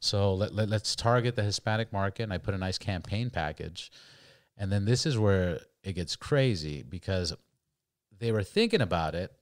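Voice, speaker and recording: Low-voiced man telling rambling stories. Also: lively intonation, moderate pace, dry recording, clean studio sound. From California. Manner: profane, rambling, anecdotal. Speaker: podcast guest. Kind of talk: casual storytelling.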